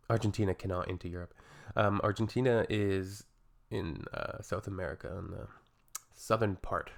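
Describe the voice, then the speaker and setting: A man's voice: low voice, steady tone, normal speed, vocal fry. A Canadian man hosting a reaction video, commenting in a sarcastic, wry way.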